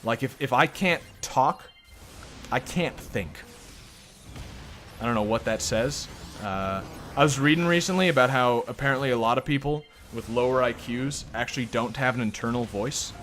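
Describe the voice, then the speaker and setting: A man's voice: medium pitch, normal speed, fairly bright tone, soft background music. A man streaming gameplay in casual live commentary, rambling, joking and cursing, his throat sore and strained. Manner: rambling, joking, profane, self-deprecating, laughs often.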